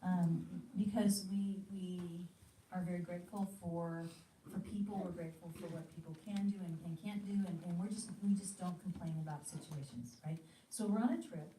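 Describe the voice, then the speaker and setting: A woman's voice: fairly low pitch, fairly even intonation, moderate pace, mellow, slight background noise. An American woman giving a teaching talk, telling stories animatedly and acting out her own quoted thoughts. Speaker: ministry teacher. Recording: echoey room, mic at a distance.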